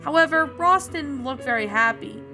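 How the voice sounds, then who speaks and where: A woman's voice: sits high, animated, moderate pace, over music. A woman narrator reading a fan story aloud, often stumbling and restarting words.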